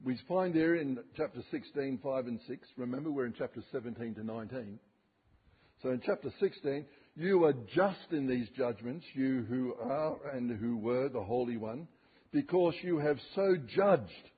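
A male preacher delivers an expository sermon, reading scripture slowly and emphatically as his voice rises and drops dramatically. His mid-range voice is animated and slightly rough, and the recording sounds tinny, like a phone.

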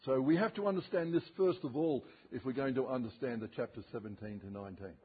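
A male preacher giving an expository sermon, reading scripture slowly and emphatically, with dramatic rises and drops in his voice. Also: mid-range voice, breathy edge. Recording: tinny phone-like sermon recording.

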